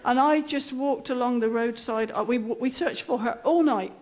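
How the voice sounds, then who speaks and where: Middle-aged woman spinning a comic story, high voice, dry and self-mocking. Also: moderate pace, darkish tone. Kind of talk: humorous anecdote told on stage.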